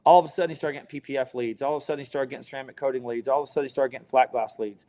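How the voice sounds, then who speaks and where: A man's voice: mid-range voice, fairly even intonation, very fast, mellow. A man talking as a podcast guest about his business, blunt and emphatic, swearing freely. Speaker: guest, window tint business owner. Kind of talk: casual podcast interview.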